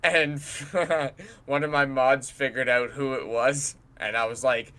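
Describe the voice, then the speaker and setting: Bright-voiced man telling stream stories. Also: mid-range voice, slow pace. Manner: animated storytelling, swears and laughs often. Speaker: podcast co-host and streamer. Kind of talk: casual chat.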